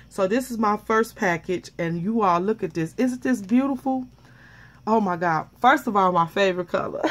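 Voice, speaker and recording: A woman with a lowish voice vlogs while unboxing a package, chatting casually. She's excited and a little flustered, gushing and saying again and again how much she loves each item.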